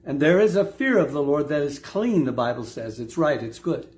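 A middle-aged man preaching with a slightly high voice. He stresses and repeats his key points, pausing to quiz his listeners. His delivery is earnest and direct. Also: animated, darkish tone. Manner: emphatic, repeats key phrases, asks the congregation questions. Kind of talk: sermon.

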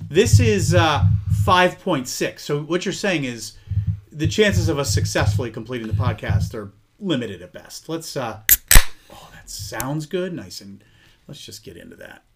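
A middle-aged man hosting a podcast in casual chat, jokey and quick to laugh. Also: on the high side, animated, slight background noise. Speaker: podcast host.

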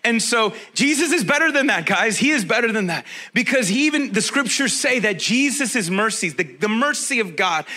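A man preaching a sermon with a high, bright voice. He talks straight to his listeners in a loose, conversational way. He leans on repeated phrases to drive each point home. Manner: conversational preaching, addresses listeners directly, emphatic repetition. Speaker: pastor.

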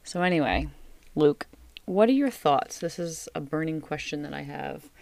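A woman in her forties hosting a casual family podcast, asking teasing, drawn-out questions. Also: sits low, animated, vocal fry, darkish tone, no echo. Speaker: podcast host and mother.

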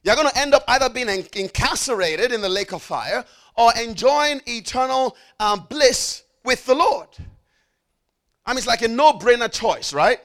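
A very high, animated, somewhat bright voice belongs to a man preaching with emphasis. He repeats key phrases and has the congregation repeat after him, drawing out stressed phrases and rushing asides.

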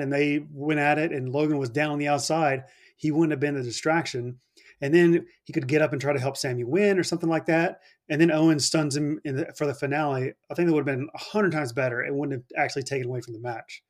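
A man's voice: fairly high pitch, steady tone, brisk. A man co-hosting a casual chat, talking in an easygoing, hedging way. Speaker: podcast co-host.

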